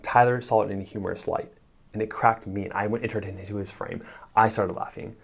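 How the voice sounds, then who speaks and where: Man, relationship coach, somewhat low voice; casual animated storyteller, filler-heavy, chuckles between phrases. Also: fairly quick, creaky. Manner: animated storyteller, frequent "like" and "right?", chuckles while talking. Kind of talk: casual advice monologue to the camera.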